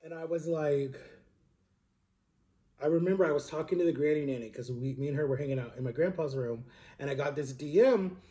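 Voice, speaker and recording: A man's voice: fairly high pitch, brisk, mellow. A young adult man telling a long personal story in a casual, rambling way, full of fillers and restarts. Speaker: social media creator.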